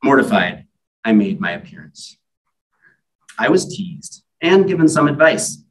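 A man's voice: mid-range voice, big pitch swings, a little slow, pauses often, distant mic, low-quality recording. A man, an author at a library event, reading his own comic stories in a wry, self-deprecating way with casual asides.

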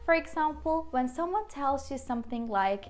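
A woman's voice: high voice, lively intonation, moderate pace. A young woman from Turkey with a Turkish accent, casually teaching phrases with everyday examples and frequent laughs. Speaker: language teacher. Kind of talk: casual language lesson.

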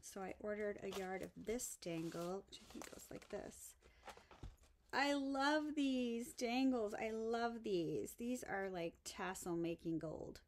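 A woman's voice: mid-range voice, animated, slow, a little hiss or hum. Gushing woman showing off a craft haul. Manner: gushing, breathy, drops to soft whispers over items. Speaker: craft vlogger. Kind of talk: casual show-and-tell haul video.

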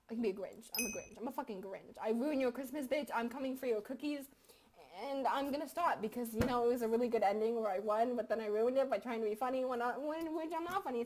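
High-voiced giggly young woman gaming. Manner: rambling, swearing, giggly, self-mocking. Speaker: gaming YouTuber. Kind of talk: casual gaming commentary.

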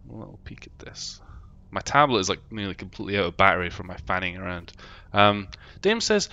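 While streaming a game with its music playing, a man with a London accent jokes, rambles, swears casually and reads chat aloud. His medium-pitched voice is animated, pushed and bright at a moderate pace.

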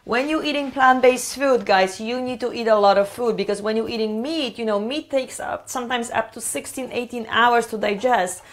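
A woman's voice: fairly high pitch, normal speed, hardly any pauses. Chatty woman hosting a kitchen stream. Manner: chatty, enthusiastic, many fillers and restarts. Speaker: cooking show host. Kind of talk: live-streamed cooking demo chat. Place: home kitchen.

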